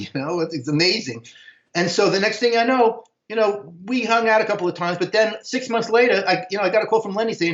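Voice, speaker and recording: Older american man, slightly high voice, rambling slangy storytelling, roomy dull stream audio. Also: quick pace. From United States. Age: 60s. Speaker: interview guest. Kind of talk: casual storytelling.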